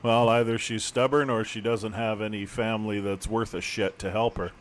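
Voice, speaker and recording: A man's voice: fairly low pitch, level tone, moderate pace. A man co-hosting a podcast, laid back, laughing along and cracking dry jokes. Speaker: podcast co-host. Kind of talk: casual chat.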